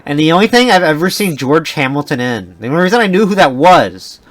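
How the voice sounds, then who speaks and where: Young man rambling with lively pitch. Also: fast talker. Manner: rambling, sidetracked storytelling with frequent restarts and swearing. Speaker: podcast co-host. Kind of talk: casual chat.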